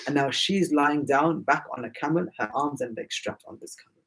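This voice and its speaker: A man's voice: on the high side, normal speed, gravelly, fairly bright tone, slightly rough, low-quality recording. A man storytelling to children at a majlis, emotive and addressing them directly.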